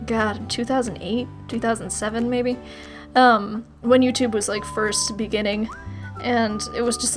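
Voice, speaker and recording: A young woman from Massachusetts answering viewer questions in a giggly, playful, self-mocking vlog. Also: fairly high pitch. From Massachusetts, USA. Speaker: YouTuber. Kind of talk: casual Q&A vlog.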